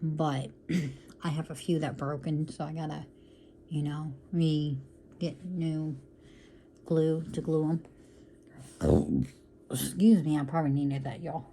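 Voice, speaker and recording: A woman's voice: deep voice, takes it slowly, long pauses, warm tone, slight background noise. A woman vlogging casually while she works on a craft, calling her viewers y'all and often breaking off to apologize or talk to herself. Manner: chatty, calls viewers y'all, apologetic asides; talks to herself while working. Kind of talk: casual chat while diamond painting.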